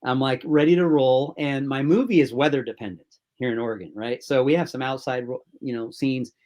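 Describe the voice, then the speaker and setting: A man speaks as a guest on a talk show, telling a long story about casting a film. His pitch sits in the middle range, and he keeps looping through the anecdote, acting out his own thoughts as quotes along the way. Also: brisk, darkish tone. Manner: rambling anecdotes with acted-out quotes. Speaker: film director, interview guest. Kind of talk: casual interview storytelling.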